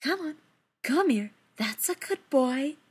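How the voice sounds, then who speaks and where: A woman's voice: a little high, very animated, slow, slightly rough, exaggerated voice. A woman reading the part of a playful young male dwarf who coaxes a kitten in a sing-song voice. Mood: coaxing.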